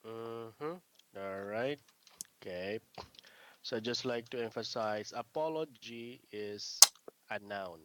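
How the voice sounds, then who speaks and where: A man teaching a one-on-one English lesson, patiently correcting his student's words and often clearing his throat. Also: fairly low pitch, takes it slowly, long pauses, noisy background. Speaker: English tutor.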